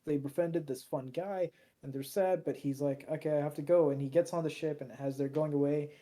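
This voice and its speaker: A man's voice: a little high, steady tone, moderate pace, dark tone. A man co-hosting a podcast, recapping an episode in a loose, rambling way with lots of fillers and restarts. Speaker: podcast co-host.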